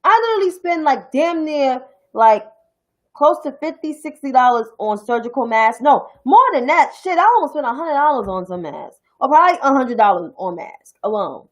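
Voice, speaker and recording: A woman's voice: high voice, expressive, moderate pace, poor audio. A young adult woman from New York City with a New York accent, giving a blunt, profane, heated political rant on her own stream. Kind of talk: ranting political commentary.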